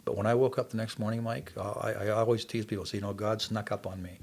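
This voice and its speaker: Fast-talking older man telling his story. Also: lowish voice. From Canada. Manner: earnest, animated storyteller. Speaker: podcast guest. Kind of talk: testimony in casual interview.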